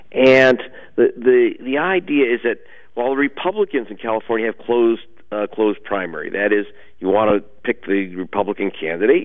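Low-voiced man on a tinny phone line. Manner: emphatic, explanatory. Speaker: journalist guest. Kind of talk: radio interview.

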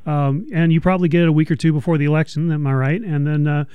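Guy hosting a radio interview, smooth voice, lots of uhs, dry sound. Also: fairly high pitch, fairly even intonation, no echo, phone-quality sound. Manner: halting, many fillers. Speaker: radio show host.

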